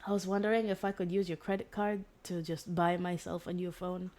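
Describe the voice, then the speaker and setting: Low-voiced woman rambling through a story. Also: little pitch movement, brisk, darkish tone. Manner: rambling retelling with many fillers and restarts, acting out quotes. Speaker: streamer. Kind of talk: casual storytelling.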